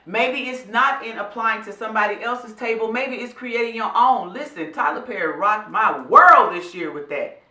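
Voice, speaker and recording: A woman vlog host who speaks professionally, giving a motivational talk to camera in a preachy, animated way. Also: on the high side, moderate pace, echoey room. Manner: animated, preachy, addresses viewers as y'all and honey.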